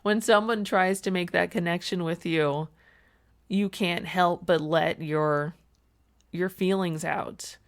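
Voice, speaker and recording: A young woman with a slightly low voice speaks candidly in a personal video diary. Her talk is reflective and chatty, peppered with small laughs, "like" and "you know", and the odd casual swear. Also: fairly even intonation, slow pace. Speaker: vlogger.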